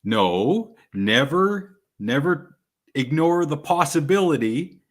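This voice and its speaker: A man's voice: on the high side, expressive, slow. Easygoing podcast co-host man. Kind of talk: casual chat.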